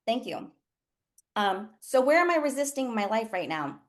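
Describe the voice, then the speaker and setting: A woman's voice: fairly high pitch, moderate pace. A woman nurse coach hosting a casual livestream, frank and profane, laughing often as she talks. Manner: animated, voices others in quotes. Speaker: nurse coach and live session host.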